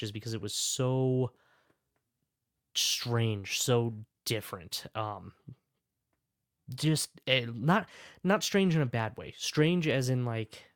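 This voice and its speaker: A man's voice: medium pitch, dry recording, clean studio sound. A man hosting a casual whiskey review, talking enthusiastically and rambling with fillers and self-corrections. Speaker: whiskey reviewer and podcast host.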